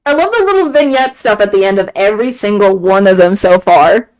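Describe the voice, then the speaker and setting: A woman streaming a game and chatting casually, gushing excitedly, repeating herself and laughing often. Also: medium pitch, brisk, low-quality recording. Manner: excited gushing fan talk, frequent laughs and repeated phrases. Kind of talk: casual chat on a live stream.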